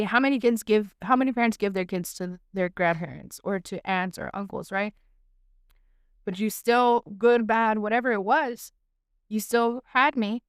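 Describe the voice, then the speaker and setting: A woman's voice: mid-range voice, clean tone, no room sound, clean studio sound. A young woman hosting a podcast, talking candidly in a casual heartfelt conversation, with frequent "like" and "right?" in long flowing runs. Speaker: podcast host.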